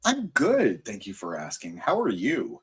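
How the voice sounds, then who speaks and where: A man co-hosting a casual wrestling podcast, laid-back and quick to laugh. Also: medium pitch, wildly swooping pitch, husky. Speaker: podcast co-host.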